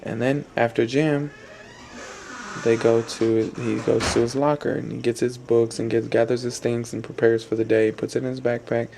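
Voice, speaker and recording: A man's voice: medium pitch, level tone, normal speed, gravelly, background noise. A young adult man telling a long story in a rambling, repetitive way, with fillers and restarts. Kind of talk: spoken storytelling.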